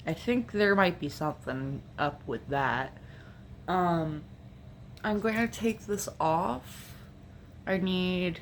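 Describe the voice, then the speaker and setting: Recorded in a home room with a bit of background noise, this makeup vlogger talks slowly in a fairly low-pitched voice. Originally from New Jersey and raised in North Carolina and Virginia, the young woman has a light Appalachian accent. Her home vlog is casual and matter-of-fact, and she thinks out loud along the way.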